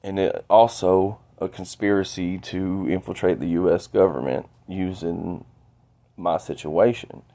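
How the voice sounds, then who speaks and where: A man with a low, heavy voice talks slowly through a solo podcast. He sounds stuffy from a cold and often stops to repeat a word before going on. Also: fairly even intonation, mellow. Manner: halting, repeats words, rambling. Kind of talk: solo monologue.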